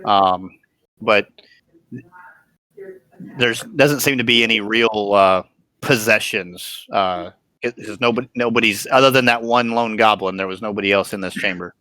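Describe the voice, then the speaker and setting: Dungeon master, male, low and bright, halting scene-setter on a dry close mic. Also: dry recording. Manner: halting, many restarts and fillers. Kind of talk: narrating a tabletop game.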